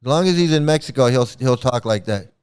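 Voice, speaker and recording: A man's voice: medium pitch, lively intonation, brisk, a little mellow, smooth. A man hosting his own commentary channel, ranting and mocking with lots of repetition and swearing.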